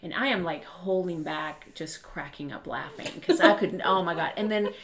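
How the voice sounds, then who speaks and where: A woman's voice: fairly low pitch, moderate pace. A woman who is a podcast guest, telling family stories in casual chat and laughing as she talks.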